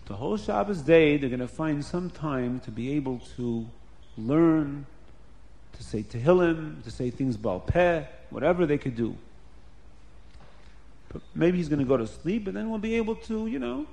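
Man, storyteller, earnest, repetitive, a bit higher voice. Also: lively intonation, moderate pace, gravelly, mellow. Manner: plain, repetitive, earnest retelling. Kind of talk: spoken storytelling.

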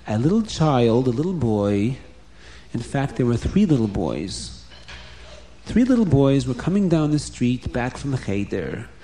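A man telling a story to children, animated and lively, with dramatic pauses. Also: mid-range voice.

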